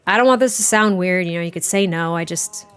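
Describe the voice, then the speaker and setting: A woman's voice: lowish voice, fairly quick, a bit bright, clean tone, natural voice. A woman voicing a friendly male rancher neighbor who talks politely and hesitantly, with small restarts. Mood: earnest.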